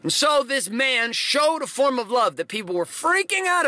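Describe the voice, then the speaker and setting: A man with a high, bright, forceful voice gives a blunt motivational monologue. He drives his points home with repeated phrases. The recording is dry and close. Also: big pitch swings, fast talker, few pauses, no echo.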